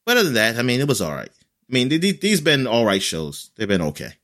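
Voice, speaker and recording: A man in casual chat, recapping an episode in a rambling way with lots of fillers and lively quoted lines. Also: mid-range voice, fast talker.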